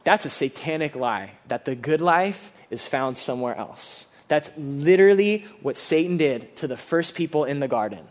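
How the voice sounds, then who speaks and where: A male pastor delivers a sermon in a high, earnest voice. He talks to the congregation in a loose, conversational way, restarting phrases often. For emphasis he sinks into a low, hushed tone. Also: animated, moderate pace, few pauses. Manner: earnest, conversational preaching with many fillers and restarts.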